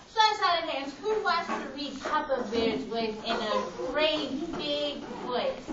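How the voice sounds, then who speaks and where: A woman's voice: sits high, animated, unhurried, hardly any pauses. A woman teaching a class, giving firm directions to pupils and reading a story aloud. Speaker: elementary school teacher. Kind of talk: classroom instruction and read-aloud. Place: echoey classroom. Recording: far-off, echoey, muffled, with loud noise.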